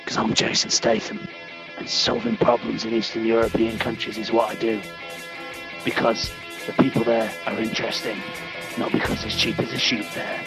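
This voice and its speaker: A man putting on a deadpan impression of a gruff male action star with an English accent, low and flat. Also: moderate pace, over loud music.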